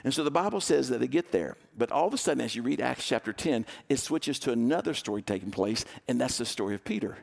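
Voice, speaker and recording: A man preaching a sermon as a pastor, retelling a Bible story in a lively way and acting out its characters' voices. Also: medium pitch, fast, gravelly, hardly any pauses. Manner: animated, acts out voices of the story's people.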